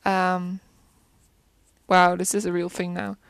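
A woman talks through her thoughts in a relaxed, rambling way, pausing to hunt for words and posing questions aloud. Her voice is smooth and clear, and the recording is close and dry. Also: mid-range voice, no room sound. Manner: thinks aloud, searching for words and restarting; reflective, asks rhetorical questions. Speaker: film commentator. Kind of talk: casual musing chat.

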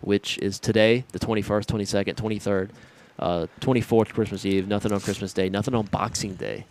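A man's voice: lowish voice, fairly even intonation, brisk, a little mellow. A young man hosting a college sports podcast from a conference room, chatting in a casual, joking, rambling way. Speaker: podcast host.

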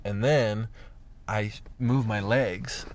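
A man's voice: lowish voice, steady tone, takes it slowly. A young man telling a profane, rambling story about a mishap, with lots of fillers. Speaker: vlogger. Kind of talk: casual storytelling.

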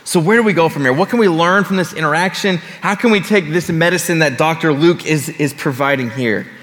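A man's voice: a little high, fairly quick, fairly bright tone. A man preaching a sermon to his church in a conversational way, with casual asides and repeated phrases. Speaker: pastor. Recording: long reverb of a large hall.

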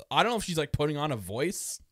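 A man's voice: a little high, quick pace, slightly rough, no echo, clean studio sound. A man co-hosting a podcast, chatting casually about wrestling, laughing a lot and acting out quotes. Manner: laughs often, animated, acts out quotes. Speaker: podcast co-host. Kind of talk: casual wrestling recap chat.

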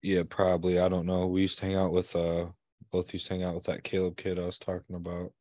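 A man's voice: low voice, monotone, quick pace, warm tone. A man, a father, co-hosting a podcast, telling a childhood story in casual chat, swearing freely and acting out what people said. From Michigan. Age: adult parent. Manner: swearing storyteller who acts out quotes. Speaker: podcast co-host.

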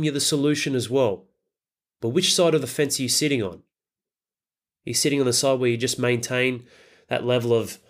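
A middle-aged man giving a blunt, emphatic motivational talk as a coach for fathers, swearing heavily. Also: medium pitch.

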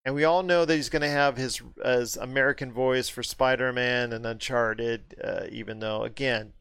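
A man's voice: mid-range voice, fairly even intonation, normal speed, fairly bright tone, clean tone, no room sound. A man hosting a casual movie discussion, emphatic and prone to repeating his point when worked up.

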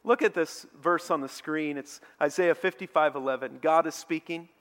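A man preaching a sermon as a pastor, telling a story with animated energy. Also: fairly high pitch, normal speed. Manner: animated storytelling preacher, mocking shouts in quoted lines. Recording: long hall reverb.

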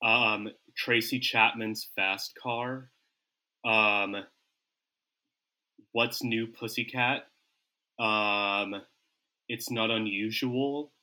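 A man with a very bright, forceful voice plays his turns in a comedic tabletop game. He talks very slowly and deliberately, with a low pitch and a joking tone. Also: fairly even intonation. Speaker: player.

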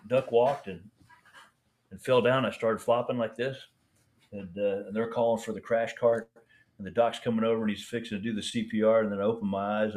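Older man, low voice, rambling halting storyteller, interview guest. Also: a little mellow. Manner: rambling, halting, many restarts and fillers. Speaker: veteran guest.

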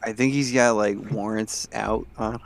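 Low gravelly man, mock-dramatic. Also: fairly even intonation, unhurried, crowd noise. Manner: mock-dramatic narration, hesitant. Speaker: podcast co-host. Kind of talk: casual chat.

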